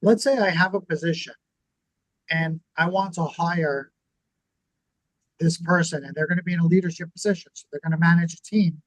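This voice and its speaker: Man telling stories with a higher, dry voice. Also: moderate pace, long pauses, dry recording, low-quality recording. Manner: storytelling, acts out quoted dialogue, repeats words when restarting. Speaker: podcast co-host and business owner. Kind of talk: casual teaching chat on scripture and business.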